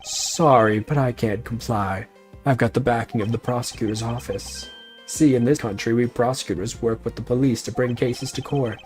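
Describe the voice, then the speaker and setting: A man voicing a smooth-talking male prosecutor from a mystery game, breezy and overly polite. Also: medium pitch, fairly even intonation, normal speed, close to an everyday voice. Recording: faint music behind.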